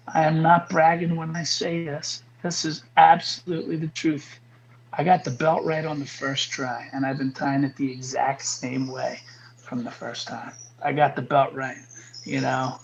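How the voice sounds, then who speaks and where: Animated gravelly-voiced man in his forties. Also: fairly high pitch, lo-fi sound. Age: 40s. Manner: animated storyteller, repeats phrases for emphasis. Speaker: guest, karate instructor. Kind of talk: casual interview chat.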